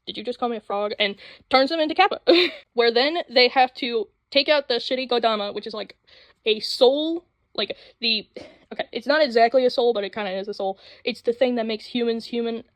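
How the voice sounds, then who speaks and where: A young woman rambling excitedly about anime in a casual vlog, full of fillers and sudden jumps in voice. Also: fairly high pitch, dry recording. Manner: rambling, excitable, with frequent fillers and quick voice switches. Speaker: anime vlogger. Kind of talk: casual chat. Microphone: phone mic.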